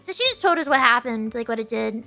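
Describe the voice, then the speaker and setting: A young woman telling a story casually to her stream, halting and restarting, laughing often. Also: a little high, lively intonation, vocal fry, bright, forceful tone, soft background music.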